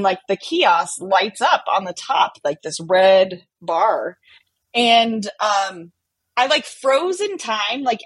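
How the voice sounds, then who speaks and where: A woman telling a personal story in a casual, animated way, often saying "like". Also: on the high side, husky, no echo, poor audio. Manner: animated, chatty, many fillers like "like". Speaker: podcast guest telling a story.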